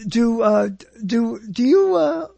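A man's voice: very high-pitched, animated, takes it slowly, vocal fry, crowd noise. A man hosting a casual live internet talk show, rambling, joking and arguing with his co-host. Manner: rambling, jokey, argumentative.

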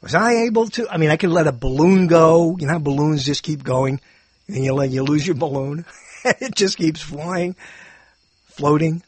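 Husky older man musing aloud. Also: on the high side, moderate pace, no echo. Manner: musing, meandering, self-interrupting, chuckling. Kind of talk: rambling monologue.

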